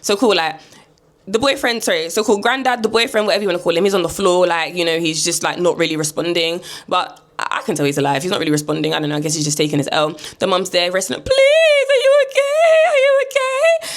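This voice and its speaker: A woman's voice: on the low side, fast. A young woman with a British English accent, telling a story in a chatty, slang-heavy vlog style full of fillers. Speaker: vlogger.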